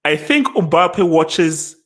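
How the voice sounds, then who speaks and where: A man hosting a live football reaction stream, excitable, laughing often and repeating his words. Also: a little high, extremely slow. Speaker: football channel host.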